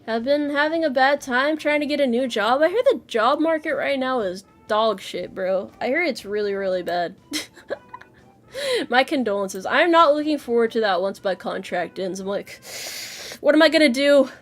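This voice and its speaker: A woman's voice: fairly high pitch, lively intonation, normal speed, fairly bright tone, soft background music. A woman streamer chatting casually with her viewers, playful, laughing often and swearing freely. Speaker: VTuber streamer.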